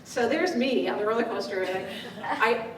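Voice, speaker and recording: A woman speaking coach telling a lively story to a live audience, laughing often as she talks. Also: on the high side, moderate pace. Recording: distant mic in an echoey room with background noise.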